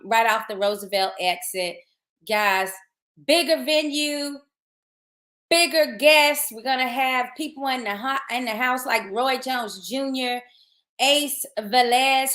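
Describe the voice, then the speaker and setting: Bright-voiced woman podcast host. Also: a little high. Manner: chatty, upbeat, loose restarts. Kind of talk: casual podcast chat and event promo. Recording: roomy echoey sound.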